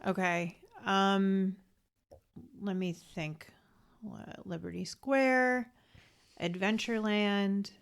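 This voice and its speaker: A woman's voice: mid-range voice, steady tone, slow pace, gravelly, pauses often, smooth. A woman co-hosting a casual podcast chat, enthusiastic and rambling, full of fillers and restarts. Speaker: podcast co-host.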